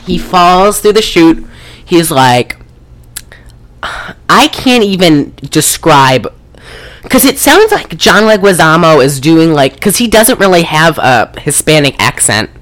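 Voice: medium pitch, very animated, takes it slowly, a bit bright. A podcast co-host recapping a movie in a casual, rambling way, full of swearing and fillers. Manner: profane, rambling, frequent fillers.

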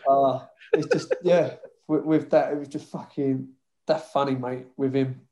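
A man's voice: mid-range voice, a little slow. A man, a former footballer, telling stories in a loose, swearing, banter-filled chat as a guest. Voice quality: swears freely, lively banter. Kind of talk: casual storytelling chat.

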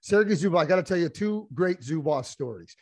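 Fairly high-voiced man analyzing hockey. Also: lively intonation, fairly quick, no room sound, clean studio sound. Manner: analytical, many restarts and fillers. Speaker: podcast co-host, hockey analyst. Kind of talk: casual sports chat.

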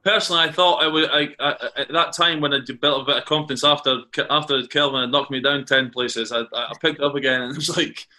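Fast and forceful with few pauses, the bright, medium-pitched voice holds a steady tone. The speaker, a Scottish ex-footballer from Carnoustie, chats as a podcast guest, rambling through anecdotes full of restarts and repeated words.

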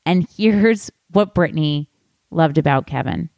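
A woman hosting a podcast, chatting casually and gossipily about a book, with animated asides to her listeners. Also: fairly low pitch, a little slow, dry recording, studio quality. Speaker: podcast host. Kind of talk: casual book-discussion chat.

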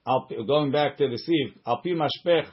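A man's voice: on the high side, normal speed, slightly rough, highs cut off. A man teaching a Talmud class, reading the Hebrew and Aramaic text and explaining it in English with frequent restarts and side remarks.

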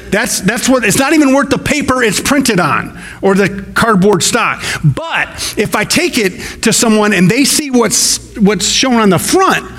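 A man's voice: sits high, a bit bright. A man preaching a sermon as pastor, in a conversational way with folksy asides. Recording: long hall reverb.

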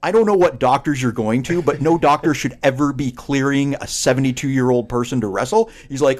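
A man's voice: mid-range voice, fairly quick, few pauses. A man co-hosting a podcast, riffing sarcastically in casual chat. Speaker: podcast co-host.

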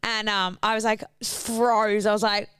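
A woman's voice: mid-range voice, flat delivery, a little slow, fairly bright tone, slight background noise. A young woman, co-hosting a podcast and telling a story in casual, chatty fashion, swearing freely and saying "like" a lot. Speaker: podcast co-host. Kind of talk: casual chat.

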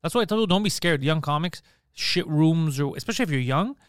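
Podcast host, man, quick and animated storytelling, fairly high voice, dry close sound. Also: clear, resonant tone, no room sound. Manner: animated storyteller, acts out others' lines, swears freely. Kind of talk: casual chat.

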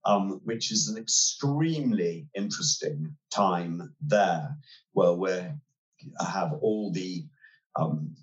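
A man's voice: deep voice, expressive, takes it slowly, muffled recording. A man in his sixties, an interview guest telling stories in an articulate, wry way with frequent hesitations. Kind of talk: relaxed conversational interview. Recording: roomy echoey sound.

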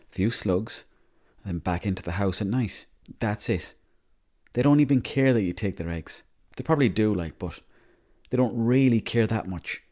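A young Irishman rambling through a deadpan, sweary comic monologue. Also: lowish voice. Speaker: comedy monologuist.

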